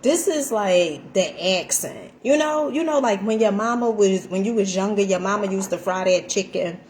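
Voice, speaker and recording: A woman chatting through a casual home cooking vlog, animated and full of fillers, calling her viewers honey. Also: mid-range voice, moderate pace. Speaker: vlogger. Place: home kitchen.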